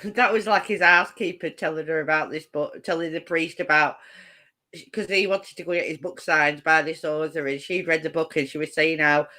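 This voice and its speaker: A woman's voice: low-pitched, steady tone, pushed and bright. A woman chatting casually as co-host, giggly and teasing. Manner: giggly, teasing, drawn-out swearing. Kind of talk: casual chat.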